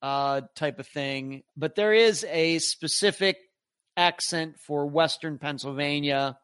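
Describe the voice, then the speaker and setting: A man's voice: a little high, measured pace, fairly bright tone, clean tone, no echo. Man, middle-aged, live podcast host, reads chat comments, rambling, close dry mic. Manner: rambling and chatty, many restarts. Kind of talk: live podcast, reading viewer comments aloud.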